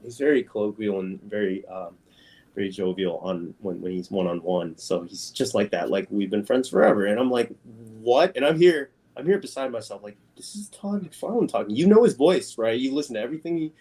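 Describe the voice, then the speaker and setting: A man chats in a casual interview as a guest artist. He tells his story with animation, jumping up in pitch when he quotes other people. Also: expressive, a little fast, mellow.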